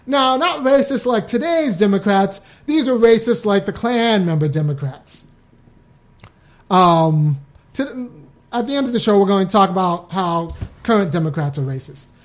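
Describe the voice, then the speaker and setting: Woman, middle-aged, show host, conversational, wry. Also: medium pitch. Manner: conversational, wry, speeds up when emphatic. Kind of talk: casual political commentary and reading from historical letters.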